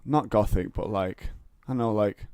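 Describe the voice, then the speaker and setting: Mellow-voiced Northern English man chatting. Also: on the low side, a little slow, clear, resonant tone, dry recording. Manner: rambling, lots of fillers and restarts. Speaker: podcast guest. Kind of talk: casual chat. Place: home studio.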